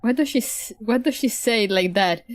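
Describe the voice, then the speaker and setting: A woman's voice: on the high side, moderate pace, no room sound, soft background music. A woman streamer giving casual, giggly commentary while reading through a story game. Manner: giggly, reacts with frequent laughter.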